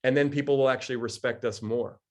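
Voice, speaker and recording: A man in his forties giving a lively coaching talk to a group, answering questions and acting out little quoted exchanges. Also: medium pitch, fast. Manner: lively, acts out quoted voices, laughs often. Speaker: coach and speaker.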